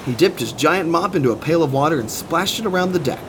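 A man's voice: a little high, fast. Man reading a storybook, sing-song. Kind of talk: children's storybook read-aloud. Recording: steady background noise.

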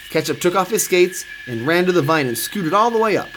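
A man's voice: sits high, a little fast, hardly any pauses, rough recording. Guy reading a kids story, really sing-songy, lotta background noise. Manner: expressive, sing-song. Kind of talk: children's storybook read-aloud.

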